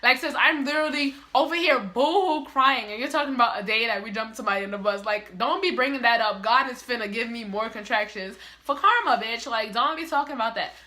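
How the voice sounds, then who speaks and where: Young woman, storytime vlog, animated, profane, bright tone, fairly high voice. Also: fast talker, hardly any pauses. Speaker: vlogger.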